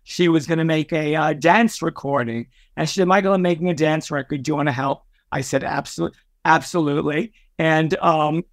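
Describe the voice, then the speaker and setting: Older New man, talkative guest storyteller with a raised pitch. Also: fairly even intonation, normal speed, no echo, clean studio sound. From Brooklyn, New York. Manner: chatty, warm-hearted, many fillers and restarts. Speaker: podcast guest, record executive. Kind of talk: storytelling interview.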